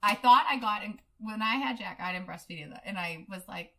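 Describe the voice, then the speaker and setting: Bright-voiced chatty woman. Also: medium pitch, brisk. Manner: chatty, explains facts, animated storytelling. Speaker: podcast co-host. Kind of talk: casual chat.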